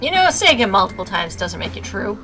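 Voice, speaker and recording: A woman's voice: mid-range voice, very animated, brisk. A woman reading a visual novel aloud as a game streamer, with snarky asides between narration. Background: game music.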